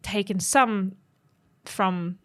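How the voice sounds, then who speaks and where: Woman, podcast co-host, chatty and casual, mid-pitched, leans on "like" a lot. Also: extremely slow. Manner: chatty, lots of "like" fillers. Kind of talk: casual chat.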